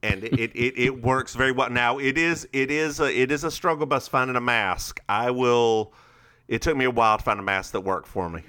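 A man's voice: mid-range voice, a little fast, pushed and bright, smooth. A man co-hosting a podcast in casual chat, playful and speaking straight to listeners. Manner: chatty, playful, addresses listeners directly. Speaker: podcast co-host.

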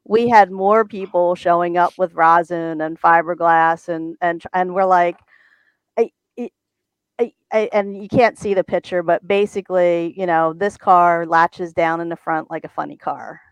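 A woman's voice: fairly low pitch, steady tone, a little slow, clear, resonant tone, no room sound. A woman on a talk show as a guest from a race team, telling a story and often stammering and repeating words.

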